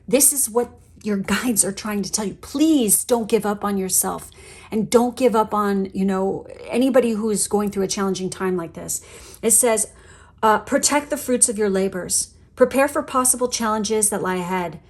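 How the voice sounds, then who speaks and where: A woman's voice: medium pitch, moderate pace. Earnest woman giving a tarot reading. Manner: earnest, encouraging, with frequent "okay?" and casual swearing. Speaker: tarot reader. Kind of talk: pick-a-card tarot reading.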